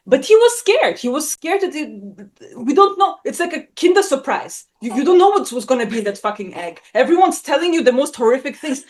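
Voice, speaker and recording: A woman in her thirties telling a personal story in casual conversation, blunt and animated, swearing often and acting out the people she quotes. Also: brisk. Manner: acts out quoted voices with big pitch jumps. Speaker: guest. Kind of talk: casual chat.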